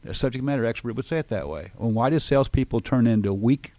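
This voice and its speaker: A man's voice: medium pitch, animated, quick pace, warm tone, no room sound. A middle-aged man, a sales trainer hosting a radio business show, explaining with confidence and acting out phone lines. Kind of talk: radio business talk, coaching. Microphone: studio microphone.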